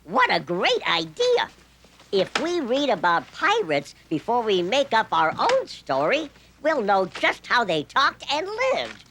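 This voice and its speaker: A chirpy little cartoon dragon. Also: female voice, a little high, huge pitch swings, a little slow, noisy background. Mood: cheerful. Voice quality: chirpy, bouncy delivery. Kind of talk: educational cartoon acting.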